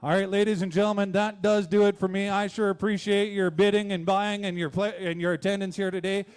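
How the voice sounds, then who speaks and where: A man's voice: high voice, flat delivery, fairly quick, clear, resonant tone. A man from Canada working a livestock auction ring, rolling out bids in a rhythmic chant with folksy asides.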